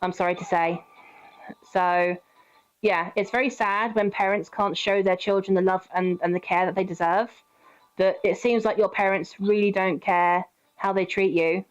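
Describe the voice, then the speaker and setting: A young woman live streaming, chatting casually and gently reassuring her viewers with advice. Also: medium pitch, fairly even intonation, moderate pace. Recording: dull lo-fi stream audio.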